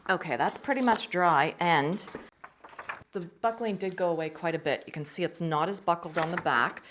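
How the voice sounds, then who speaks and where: Against background noise, a middle-aged woman with a lowish voice talks at normal speed on her casual art vlog. She chats enthusiastically and murmurs to herself while testing pencils and paint.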